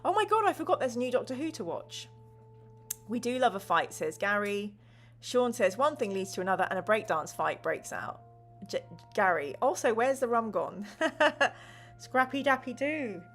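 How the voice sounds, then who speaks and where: A woman's voice: fairly high pitch, big pitch swings, moderate pace, a bit bright, soft background music. Bubbly woman streaming a gamebook. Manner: bubbly, laughs often, reads chat aloud. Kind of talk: live-stream gamebook play and chat reading.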